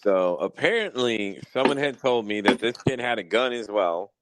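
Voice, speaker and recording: A man hosting a podcast, telling wild work stories in a casual, profane, animated way. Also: lowish voice, normal speed, very noisy. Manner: profane, animated storytelling with mock exasperation. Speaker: podcast host. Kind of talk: casual storytelling chat.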